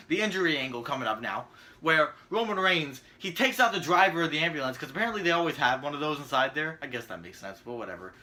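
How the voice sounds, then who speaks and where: A man's voice: high-pitched, sharp tone. A man giving a profane, sarcastic ranting video commentary as a vlogger.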